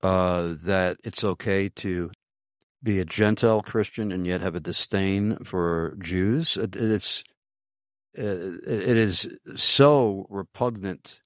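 A man hosting a conversational talk show, speaking slowly and deliberately with many pauses and fillers. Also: low voice, no echo, studio quality. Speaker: podcast host.

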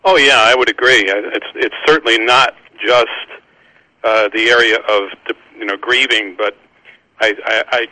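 A man's voice: mid-range voice, steady tone, dry recording, low-quality recording. A man hosting a casual conversation about Christian books, talking with many restarts and repeated words. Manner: halting, many restarts, warm laughter. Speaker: Christian book publisher and podcast host.

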